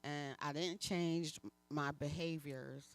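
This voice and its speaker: Woman, minister, church testimony, candid, halting, many fillers. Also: low-pitched, fairly even intonation. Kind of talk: personal testimony within a sermon.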